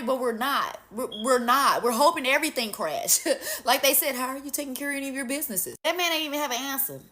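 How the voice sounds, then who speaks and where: A woman's voice: sits high, bright, forceful tone. A woman ranting casually, profane and mocking. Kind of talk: casual rant.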